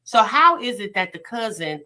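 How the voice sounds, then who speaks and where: A woman with a bright, forceful voice gives casual reaction commentary. She talks straight to her viewers in a chatty way and fires off rhetorical questions. Her pitch sits right in the middle. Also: big pitch swings, normal speed. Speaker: reaction channel host.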